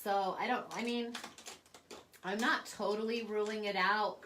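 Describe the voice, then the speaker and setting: A woman's voice: medium pitch, steady tone, unhurried, a bit bright, slight background noise. A young adult woman chatting casually in a makeup vlog at home, rambling with lots of fillers. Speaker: vlogger. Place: at home, away from her desk.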